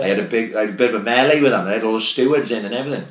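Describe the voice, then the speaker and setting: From Wales, this ex-footballer rattles off stories very fast, with hardly any pauses, in a lowish voice. It's a casual podcast chat full of heavy swearing and loose storytelling, recorded with a roomy echo.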